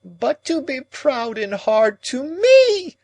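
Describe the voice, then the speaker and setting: A man reading an audiobook, voicing a grief-stricken, possessive old woman in a high, wailing, drawn-out voice. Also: sing-song, no echo, exaggerated voice, low-quality recording. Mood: shrieking.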